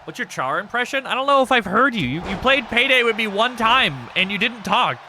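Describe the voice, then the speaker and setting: Male streamer host, high bright voice, lively pitch, excitable and joking, swears a lot. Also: brisk, slight background noise. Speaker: streamer hosting a wrestling show. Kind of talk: casual live-stream chat with viewers.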